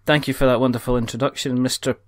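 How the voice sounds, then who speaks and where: A man's voice: mid-range voice, little pitch movement, quick pace. A man hosting a casual board game podcast, chatty and rambling in a self-deprecating way. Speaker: podcast host.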